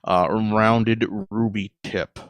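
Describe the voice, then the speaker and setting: A man voicing a pompous, boastful wealthy male duck gentleman who talks in halting, self-important phrases. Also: lowish voice, fairly even intonation, clear, resonant tone, no room sound. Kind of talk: improvised comedy role-play.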